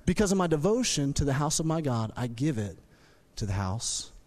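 Male pastor mid-sermon, fairly high voice, swings from quiet to loud for emphasis. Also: normal speed. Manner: animated preaching, rising loud when emphatic, dropping low for points. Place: church sanctuary.

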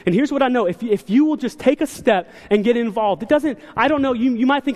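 A young man preaching a sermon in a church, telling stories with quick, animated asides. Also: extremely high pitch. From South Carolina. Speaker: church speaker. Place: large church hall. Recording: long hall reverb.

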